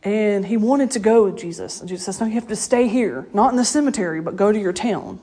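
A woman's voice: mid-range voice, fast, dark tone, breathy edge. A woman preaching a casual, story-filled sermon. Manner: conversational storytelling, laughs often. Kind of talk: informal sermon.

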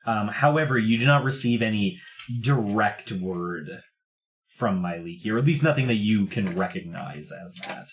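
A man's voice: lowish voice, expressive, normal speed, slight background noise. A man running a tabletop game as game master, describing scenes in a loose, rambling way with many fillers.

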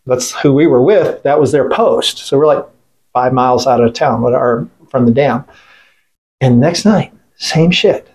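A man's voice: medium pitch, darkish tone. A middle-aged man being interviewed, telling a war story in a blunt, rambling way, full of profanity and restarts. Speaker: veteran guest.

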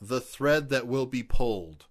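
A man's voice: medium pitch, measured pace. A man co-hosting a podcast, casually picking apart a movie with dry, mocking remarks. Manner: dry, mocking, finishes partner's sentences. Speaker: podcast co-host. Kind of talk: casual movie review chat.

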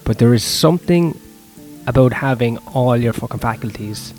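A man's voice: mid-range voice, moderate pace, a little mellow. A young man, a stand-up comedian talking through his gigs in a casual, profane, self-deprecating ramble, with faint music behind him. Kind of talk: casual vlog monologue.

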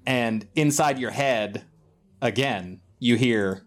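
A man narrating a tabletop game as game master, relaxed and wry. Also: medium pitch, takes it slowly.

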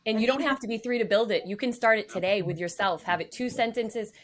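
A young woman co-host with a slightly high voice speaks in casual, warm-toned chat. She answers quickly and eagerly, with lively interjections. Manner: enthusiastic, quick affirmations.

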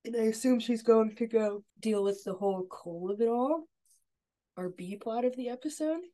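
A woman co-hosting a podcast, casually retelling TV scenes in a relaxed way. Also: fairly high pitch, normal speed. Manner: relaxed, laughs easily. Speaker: podcast co-host. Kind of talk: casual TV recap chat.

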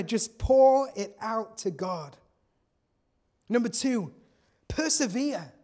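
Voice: medium pitch, a little mellow. A preacher giving a sermon in an earnest, conversational way, repeating key phrases for emphasis.

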